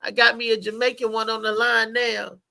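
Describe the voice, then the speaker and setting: A middle-aged woman comedian with a gravelly, bright voice tells a loose, rambling story in casual talk-show banter. She laughs a lot and restarts her sentences as she goes. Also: on the high side, little pitch movement, a little fast.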